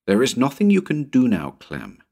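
A man's voice: mid-range voice, huge pitch swings, moderate pace, warm tone, pitched above the performer's own voice. A man voicing Anne, a ghostly young woman who pleads tearfully with her lover from within a haunted building in a read-aloud story. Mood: pleading.

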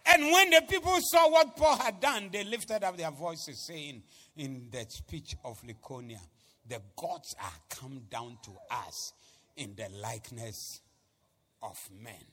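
A man preaching a sermon, swinging from hushed asides to loud, chanted, repeated declarations. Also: a little high, animated, takes it slowly.

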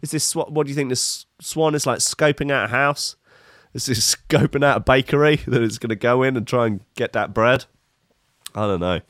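A man's voice: mid-range voice, moderate pace, fairly bright tone, dry recording, clean studio sound. A man giving comic, profane reaction commentary on a video clip, sarcastic and rambling.

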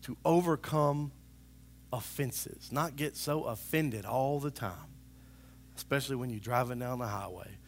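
A male pastor preaching a sermon in a church, animated and talking to the congregation, now and then acting out voices. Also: medium pitch, unhurried, slight background noise. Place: church sanctuary.

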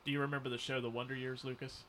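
A man's voice: medium pitch, flat delivery, racing, a bit bright, a little hiss or hum. A man co-hosting a casual movie watch-along, rambling and joking with swearing. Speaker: podcast co-host.

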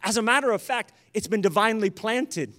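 A man preaching a sermon as pastor, moving between loud rhythmic prayer and conversational, joking asides to the congregation. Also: high voice, lively intonation, brisk.

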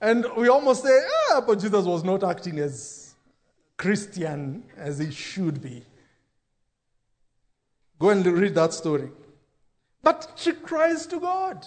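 A pastor preaching a sermon, dropping into quoted voices for emphasis. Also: male voice, high-pitched, sing-song, unhurried, long pauses.

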